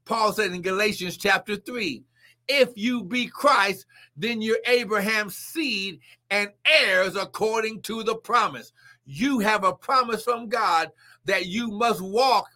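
Fervent high-voiced male preacher. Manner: fervent, shouting and exclaiming, speaking in tongues. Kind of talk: live-streamed sermon and healing prayer.

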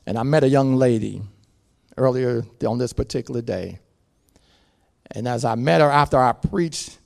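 A male pastor preaching a sermon, moving from quiet storytelling to loud shouted passages. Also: mid-range voice, creaky.

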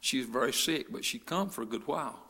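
A male pastor preaching a sermon, moving between quiet storytelling and loud, fervent preaching. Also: medium pitch, fast, in a large hall.

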